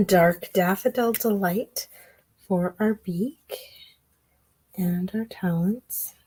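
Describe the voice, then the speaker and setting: A woman giving a relaxed card-making tutorial, chatting and thinking aloud as she works. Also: mid-range voice, extremely slow, a little hiss or hum, rough recording. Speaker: craft demonstrator.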